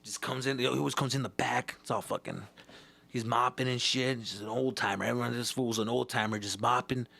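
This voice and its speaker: Gravelly comedian telling a rambling story. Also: male voice, mid-range voice, fairly even intonation, a little fast, sharp tone. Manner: rambling, profane, acts out voices. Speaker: comedian, podcast host.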